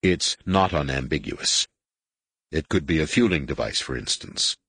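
A man voicing a gruff, curt older general in an audiobook. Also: a bass voice, lively intonation, normal speed, bright, forceful tone, no echo, exaggerated voice.

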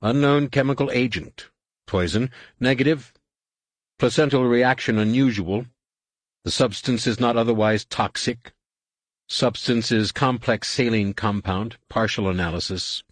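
A man's voice: mid-range voice, no echo, pitched above the performer's own voice, close to an everyday voice. A man reading aloud and voicing a dispassionate medical droid that reports in short, clipped phrases. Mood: clinical. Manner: clipped, flat, slow reports.

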